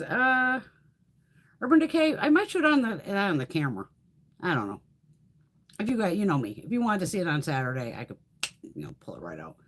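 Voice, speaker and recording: A middle-aged woman hosting a beauty livestream, chatting casually with viewers, swearing freely and laughing often. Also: lowish voice.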